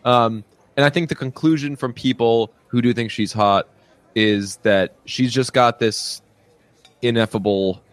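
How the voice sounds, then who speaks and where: A man's voice: medium pitch, unhurried, no echo. A man co-hosting a podcast, chatting casually and rambling with lots of fillers and laughs. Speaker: podcast co-host. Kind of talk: casual chat.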